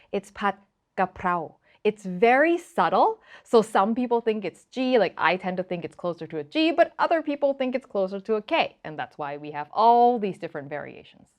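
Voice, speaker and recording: Thai-born woman hosting a cooking explainer. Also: mid-range voice. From Thailand. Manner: lively, playful ranting, stretches out example words slowly. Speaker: cooking show host. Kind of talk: explainer to camera.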